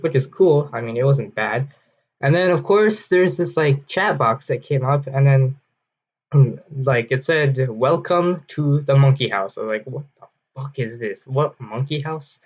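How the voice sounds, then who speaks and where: A man recounts a spooky experience in a casual, meandering vlog style. His delivery is full of fillers and profanity, and the sound comes through a dull, lo-fi microphone. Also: medium pitch. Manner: rambling, profane, lots of fillers. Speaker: storytelling vlogger. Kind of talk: casual first-person storytelling.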